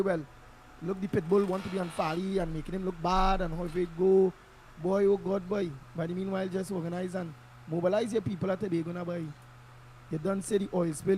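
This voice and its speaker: This Trinidadian man's high, warm voice comes through an online call-in mic with slight background noise. He's giving fiery political commentary, pressing his points with repetition and Creole turns of phrase.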